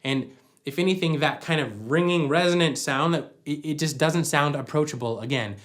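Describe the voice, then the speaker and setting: A man's voice: fairly high pitch, moderate pace, a bit bright. A man giving a practical singing lesson at home, explaining each point by demonstrating it. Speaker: vocal coach. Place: at home with a dog nearby.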